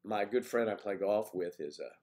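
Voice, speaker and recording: On a casual morning livestream, a man reads out the names and comments of his viewers and replies with relaxed jokes and asides. He has a fairly low, darkish voice and speaks at a moderate pace.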